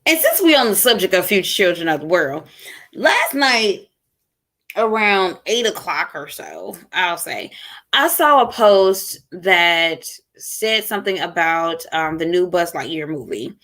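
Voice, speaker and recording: Woman, casual livestream host, lower voice, tired and frustrated, rambling. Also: big pitch swings, unhurried, a bit bright.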